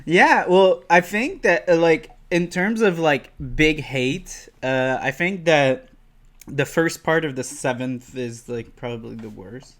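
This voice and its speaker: A young man with a Quebec French accent hosts a casual podcast, talking into a podcast mic. He rambles and hesitates, leaning on fillers, at a slow, easy pace. His voice sits a bit high for a man. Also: a bit bright. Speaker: podcast host.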